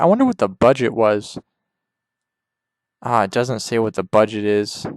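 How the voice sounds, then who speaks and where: A man hosting a podcast, rambling crudely and deadpan through an improvised comedy monologue over a game. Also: fairly low pitch, slow, pauses often, clean tone, no room sound, studio quality. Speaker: podcast host.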